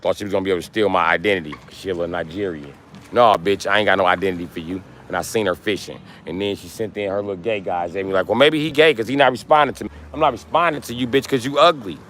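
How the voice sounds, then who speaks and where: A man's voice: deep voice, fast, fairly bright tone, slight background noise. Brash, taunting man ranting on a stream. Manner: brash, crude, taunting, repeats for emphasis. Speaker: livestreamer. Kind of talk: live stream rant to chat.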